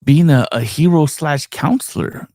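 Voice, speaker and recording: A man's voice: fairly high pitch, measured pace, mellow, no echo, studio quality. A man co-hosting a casual comics chat, rambling with lots of fillers and frequent laughs. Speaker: podcast co-host.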